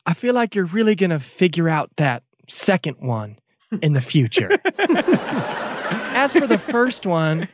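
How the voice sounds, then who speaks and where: A woman's voice: on the low side, very animated, measured pace, dry recording. A woman playing a soothing mother pig. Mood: gentle. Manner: soothing and reassuring. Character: gentle, caring mother pig. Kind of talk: improvised comedy role-play.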